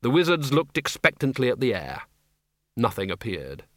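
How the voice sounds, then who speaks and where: A man's voice: mid-range voice, wildly swooping pitch, normal speed, no echo, clean studio sound. A man narrating a comic fantasy audiobook in a wry storytelling manner.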